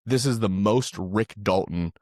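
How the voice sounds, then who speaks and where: A man's voice: lowish voice, a little slow, a little mellow, no echo, clean studio sound. A man co-hosting a podcast, reviewing a film in casual, profane chat and saying "dude" often. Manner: loose and profane, says "dude" a lot. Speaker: podcast co-host.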